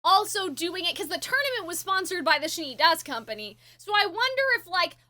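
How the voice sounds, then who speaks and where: A young woman hosting a casual reaction discussion, theorizing excitedly in a rambling way with lots of fillers. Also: very high-pitched, a little fast. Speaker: host.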